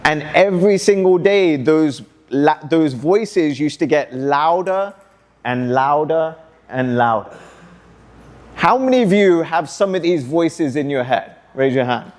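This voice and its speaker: A man speaking as a motivational speaker to students, energetic, coaxing the audience with questions and call-and-response. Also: fairly high pitch, measured pace. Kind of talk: interactive talk to students. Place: school hall.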